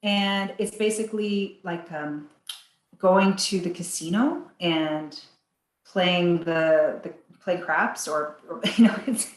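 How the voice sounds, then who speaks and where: A woman guest on a podcast interview, talking in an animated way, acting out quotes in a higher voice and laughing between points. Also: takes it slowly, echoey room, poor audio.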